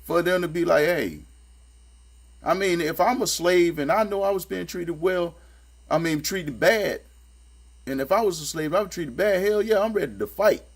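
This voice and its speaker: A man giving casual spoken commentary as he reads and critiques scripture, talking in a streetwise, sarcastic, emphatic way and repeating his points. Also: moderate pace. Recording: low electrical hum behind the voice.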